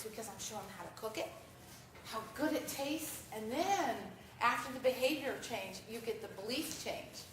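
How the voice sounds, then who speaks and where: An American woman giving a talk at an event, telling stories with animated quoted voices, asking for the next slide. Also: sits high, a little hiss or hum. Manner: animated storytelling, acts out quotes. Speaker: vegan speaker giving a talk. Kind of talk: conference presentation with slides. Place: event hall at a festival. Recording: echoey hall, distant mic.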